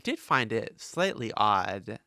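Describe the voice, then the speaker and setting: A man hosting a casual podcast, recapping with animated delivery and quick asides. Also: lowish voice, vocal fry, no echo, clean studio sound. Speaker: podcast host.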